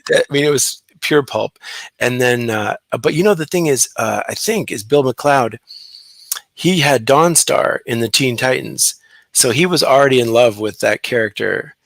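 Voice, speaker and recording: A man's voice: mid-range voice, moderate pace, creaky, fairly bright tone, no echo. A man chatting casually on a podcast about comics he loved, enthusiastic and rambling with restarts. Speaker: guest comic artist.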